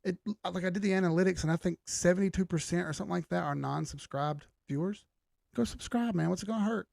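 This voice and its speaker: A middle-aged man hosts a live stream in a loose, easygoing way, calling out viewers by name. His voice is gravelly and sits a little high. The sound is very dry and close. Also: quick pace, darkish tone, no echo. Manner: laid-back, greets viewers by name, swears casually. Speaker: livestream host. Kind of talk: casual live-stream chat.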